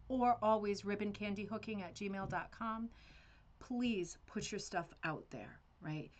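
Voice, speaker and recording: Woman, livestream host, casual, rambling, chatty, even middle pitch. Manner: chatty, rambling, with fillers and laughs. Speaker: host of a rug hooking club livestream.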